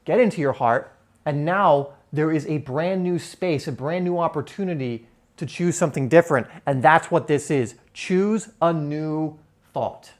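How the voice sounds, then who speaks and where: A man's voice: a little high, a little slow. Give me an earnest young man teaching self-help at a whiteboard in a conversational tone. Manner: earnest, conversational, varied emphasis.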